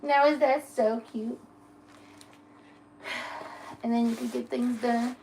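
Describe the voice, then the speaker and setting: High-voiced woman chatting on a phone live stream. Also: fairly even intonation, takes it slowly, vocal fry, darkish tone, slight background noise. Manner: coos baby talk to her dog, chatty with viewers. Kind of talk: casual live-stream chat. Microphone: phone camera.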